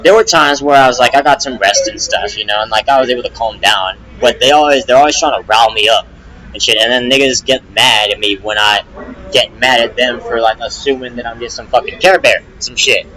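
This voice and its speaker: A man's voice: mid-range voice, brisk, bright, forceful tone, rough recording. A young man, a rapper, venting on a casual live stream, rambling and agitated, full of restarts and swearing.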